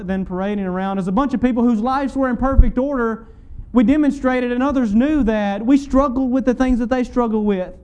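A man's voice: very high voice, darkish tone, smooth, low-quality recording. A man preaching a sermon to his congregation, with rhetorical questions and repeated phrases.

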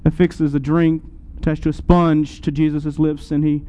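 A man preaching a sermon, retelling a scene dramatically to his listeners and swinging between loud and soft. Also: on the high side, level tone, moderate pace, smooth, low-quality recording.

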